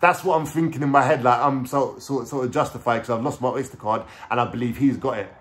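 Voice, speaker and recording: A man's voice: medium pitch, quick pace. A man with a London accent telling a story from his life in casual street slang, with lots of swearing. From England. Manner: street slang, swearing, frequent "you know what I'm saying". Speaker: vlogger.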